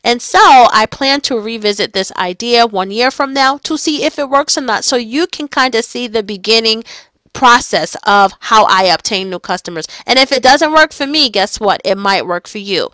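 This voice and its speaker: A woman in her forties tells a personal story for her vlog, animated and emphatic, often repeating herself. Her voice is bright and sits a touch high. The sound is dry and close, with no room echo. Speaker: embroidery business owner and mentor.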